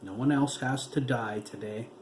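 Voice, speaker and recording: A man's voice: mid-range voice, moderate pace, slight background noise, close to an everyday voice. A man playing a cold, menacing officer. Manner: threatening, clipped.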